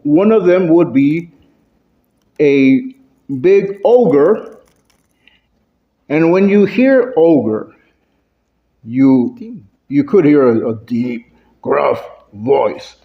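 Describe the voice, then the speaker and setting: A man with a fairly high voice gives a prepared speech at a club meeting, taking his time over each phrase. He pushes his voice up and down for effect. The recording sounds dull and lo-fi. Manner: shifts pitch and loudness for effect. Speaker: Toastmasters club speaker.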